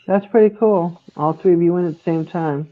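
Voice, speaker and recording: A man's voice: high voice, brisk. A man co-hosting a casual livestream, teasing the others, laughing often and greeting chat viewers. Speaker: livestream co-host. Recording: dull lo-fi sound.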